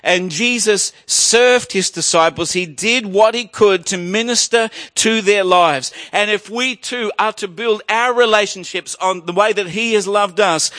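Preaching in a dry recording, this man grows loud to stress important points, then turns quiet and unhurried whenever he narrates a story.

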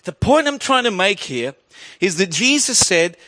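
A male pastor preaching a sermon, swelling loud on key points and dropping low and slow while telling a story. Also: big pitch swings, no room sound.

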